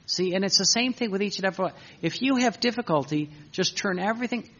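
Man, husky and fairly high voice, leads a loose spiritual talk to a group; wanders, corrects himself, jokes; dull lo-fi recording. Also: fast talker, hardly any pauses, fairly bright tone. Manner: rambling, self-correcting, joking asides. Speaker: religious group teacher. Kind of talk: informal spiritual talk with anecdotes. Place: room with a seated group.

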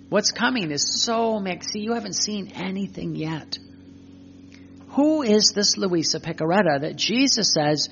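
Gravelly voice, emphatic preacher, repetitive phrasing, rhetorical questions, dull recording, faint hum. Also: mid-range voice, animated, a little slow, fairly bright tone. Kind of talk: spoken religious teaching.

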